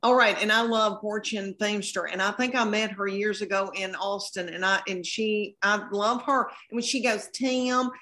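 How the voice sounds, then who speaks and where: A woman's voice: mid-range voice, fairly even intonation, moderate pace, few pauses, bright, forceful tone. A woman, a comedian guest chatting on a podcast in a folksy, exclaiming way. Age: 50s. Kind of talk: casual podcast chat.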